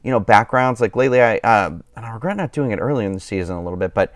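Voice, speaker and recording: Male streamer, low voice, dry close sound. Sleepy, rambling casual chat. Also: animated, racing, no room sound. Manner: rambling, many fillers and restarts. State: tired, yawning. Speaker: live stream host.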